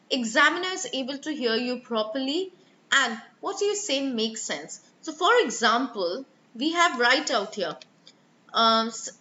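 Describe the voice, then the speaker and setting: A woman's voice: high-pitched, sharp tone, echoey room, highs cut off, a little hiss or hum. A woman teaching an online exam-prep speaking lesson, explaining with spoken examples and frequent fillers and self-corrections. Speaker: IELTS speaking trainer.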